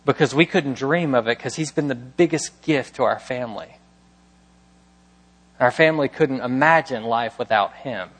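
A man's voice: mid-range voice, normal speed, fairly bright tone, long reverb tail. A man preaching a sermon as pastor, emphatic and full of rhetorical questions.

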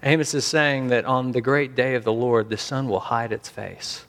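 A man preaching a sermon as pastor, earnest, slowing down and rising in volume for emphasis. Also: mid-range voice, fairly even intonation, a bit bright. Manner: earnest, slows and rises for emphasis.

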